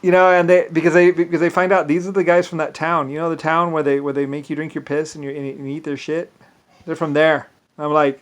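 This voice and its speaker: A man speaks to the camera in a loose, rambling monologue. His voice sits a little high for a man. He keeps restarting sentences and drops into quoted asides along the way. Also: level tone, fairly quick. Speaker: vlogger.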